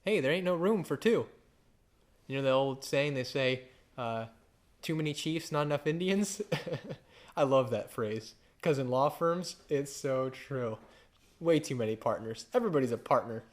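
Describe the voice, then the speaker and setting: A man's voice: mid-range voice, animated, moderate pace. A man teaching from the Bible in a casual, conversational sermon. He tells stories, jokes on the side and asks rhetorical questions.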